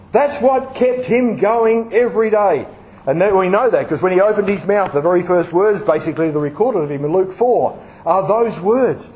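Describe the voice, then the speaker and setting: A man preaching a sermon, lively, asking his listeners questions and acting out examples in front of a live audience. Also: sits high, a little hiss or hum, poor audio.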